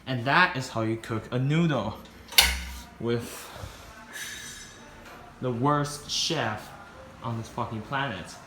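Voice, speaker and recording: A man's voice: mid-range voice, slow, pauses often, noisy background. A teenage boy filming a cooking vlog in his home kitchen on a phone, joking brashly, swearing a lot and rambling off topic. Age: teens. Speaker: vlogger.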